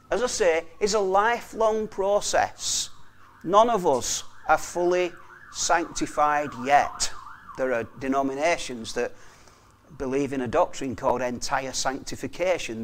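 High-voiced, earnest male preacher. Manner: earnest, repeats for emphasis, often trails off softly. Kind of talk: sermon.

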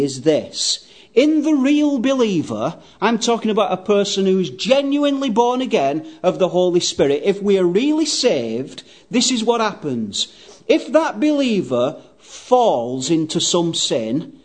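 A man preaching a sermon, earnest and emphatic, quoting scripture at length and repeating his key phrases. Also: high voice.

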